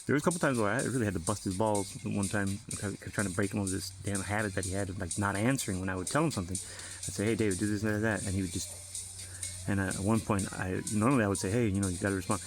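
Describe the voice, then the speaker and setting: A man with a low, gravelly voice tells a casual, rambling story about working alongside his son. His talk is full of fillers and swearing, and faint music plays behind him. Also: steady tone, fast. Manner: rambling and profane, with many fillers. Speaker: father giving a family update.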